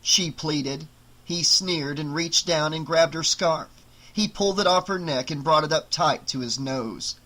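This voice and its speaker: A man narrating a horror novel as an audiobook in a slow, expressive reading. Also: on the high side.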